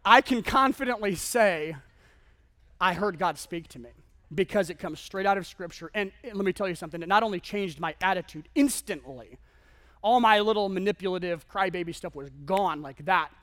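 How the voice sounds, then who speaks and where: A man preaching a sermon as an animated, self-mocking storyteller who acts out the dialogue in his stories. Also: high voice, moderate pace. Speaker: pastor.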